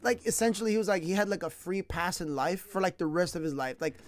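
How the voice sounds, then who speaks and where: A man's voice: high-pitched, quick pace, no room sound. A man from California who teaches English, telling stories casually in a slangy, laughing way. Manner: slangy, laughing, animated retelling. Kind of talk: casual storytelling.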